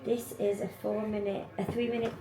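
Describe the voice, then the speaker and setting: A woman's voice: mid-range voice, little pitch movement, a little fast, gravelly, very noisy. A middle-aged woman chatting casually at home with her daughter, explaining her plans. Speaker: vlogger's mother. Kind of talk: casual family chat. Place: parents' home.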